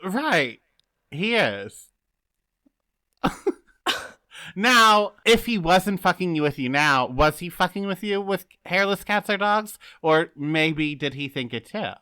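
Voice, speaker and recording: A woman co-hosting a podcast in casual chat, reacting quickly with laughs and gasps. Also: fairly low pitch, animated, sharp tone. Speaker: podcast co-host.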